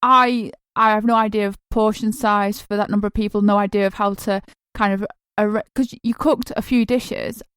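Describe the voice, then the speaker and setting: A woman's voice: medium pitch, fairly even intonation, moderate pace, fairly bright tone, clean tone, no echo, clean studio sound. Hesitant woman co-hosting a podcast. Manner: hesitant, many fillers and restarts, curious. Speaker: podcast co-host. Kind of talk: casual podcast chat.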